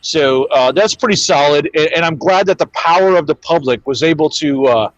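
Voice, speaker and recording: A man with a fairly high voice talks as a guest in a casual chat. He is steady and earnest and restarts his phrases a lot. His voice arrives on a dull, dry remote line. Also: normal speed, no room sound.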